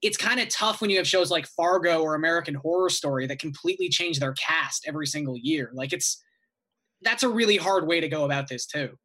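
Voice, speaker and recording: A man's voice: a little high, a little fast, bright, forceful tone. A man co-hosting a casual podcast, talking through arguments at length. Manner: reflective, builds arguments at length. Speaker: podcast co-host.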